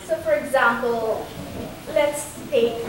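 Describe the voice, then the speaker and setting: A woman with a high voice asks a question from the audience, speaking slowly and haltingly as she searches for her words. She is far from the mic in a hall with heavy echo. Steady noise is clearly audible behind her. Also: a crowd in the background. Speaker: audience member asking a question; teacher.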